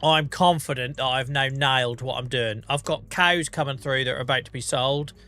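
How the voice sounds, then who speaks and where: A man's voice: mid-range voice, moderate pace, sharp tone, soft background music. A man with a Norfolk accent, chatting casually to his live-stream viewers while gaming, self-mocking and laughing often.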